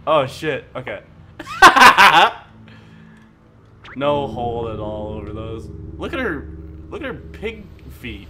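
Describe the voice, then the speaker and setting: A man's voice: medium pitch, sing-song, slow pace, pauses often, sharp tone. A man giving crude, joking commentary as he plays a game with friends. Guitar music plays behind him. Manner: crude, joking, laughs a lot. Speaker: streamer.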